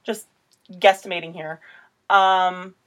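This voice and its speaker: A woman's voice: fairly low pitch, flat delivery, slow. A woman co-hosting a casual true-crime podcast, telling a case in a chatty, rambling way with many fillers. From Midwestern United States. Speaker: podcast co-host.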